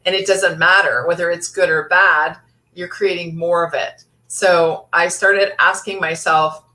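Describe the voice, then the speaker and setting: Woman life coach, motivational talk, slightly low voice, earnest, lots of fillers. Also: fairly even intonation, unhurried, sharp tone. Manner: earnest, frequent fillers and restarts.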